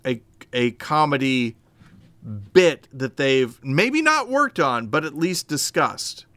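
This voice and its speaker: A man co-hosting a podcast in casual chat, explaining at length in an animated, rambling way with many restarts. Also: fairly high pitch, takes it slowly, no room sound. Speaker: podcast co-host.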